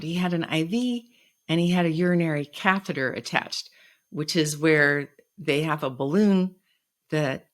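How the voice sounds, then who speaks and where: Middle-aged woman podcaster, low-ish voice, earnest and reflective, telling her own story. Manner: reflective, earnest, quoting others with raised voice. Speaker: podcast host. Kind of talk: personal storytelling.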